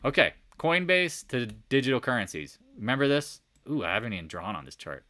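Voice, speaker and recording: Animated joking man recapping markets. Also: mid-range voice, fairly quick, no room sound. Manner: animated, profane, joking asides. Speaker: stock market commentator. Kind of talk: casual market recap over charts.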